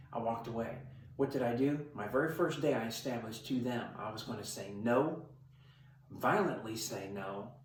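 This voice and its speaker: A man's voice: mid-range voice, slight background noise. A middle-aged man, a corrections sergeant, giving blunt, emphatic training advice to camera. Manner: blunt, emphatic, tough-talking. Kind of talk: instructional talk to camera. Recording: roomy sound, mic at a distance.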